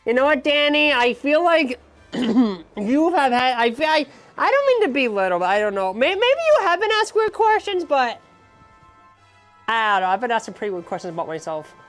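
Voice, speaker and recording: A woman streamer in casual chat with her viewers, playful and dramatic, dropping to whispers and then bursting out loud. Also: sits high, very animated, moderate pace, faint music behind. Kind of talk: casual chat answering chat questions.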